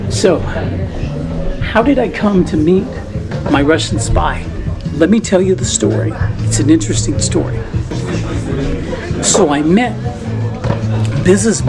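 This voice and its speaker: An older man from South Texas telling a story casually as a vlogger, chatty and laughing at his own jokes. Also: fairly high pitch.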